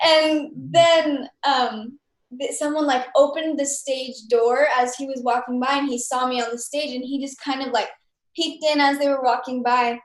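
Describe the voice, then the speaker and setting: A young woman telling stories as an interview guest, chatty and animated, with many fillers. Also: high voice, normal speed, echoey room. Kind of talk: casual interview storytelling.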